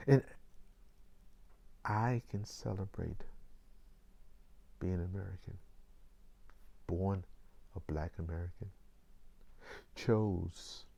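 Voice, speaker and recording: A man in his sixties telling a personal story in a measured way, with deliberate pauses. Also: deep voice, gravelly, darkish tone, breathy edge.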